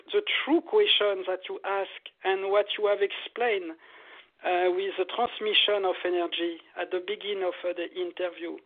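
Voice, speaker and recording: High-voiced man over a phone-like line. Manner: animated, repetitive, laughs often. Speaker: meditation teacher, guest. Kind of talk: casual interview.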